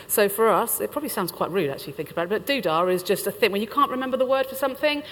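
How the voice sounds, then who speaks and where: A woman's voice: medium pitch, lively intonation, rapid-fire. Playful British woman speaking on stage. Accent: British English. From United Kingdom. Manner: chatty and playful, laughs between lines. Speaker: conference speaker. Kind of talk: humorous conference talk. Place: large conference hall. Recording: reverberant conference hall.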